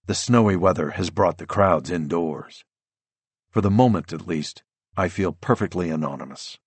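A man with a very deep, slightly husky voice reads a first-person audiobook in a measured, tense manner. The sound is dry and close, with no room around it. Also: dry recording. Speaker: audiobook narrator.

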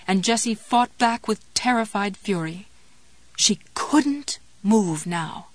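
Woman reading a horror audiobook, steady and measured, close dry mic, mid voice. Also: medium pitch, dry recording. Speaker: audiobook narrator. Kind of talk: scripted narration of a horror novel.

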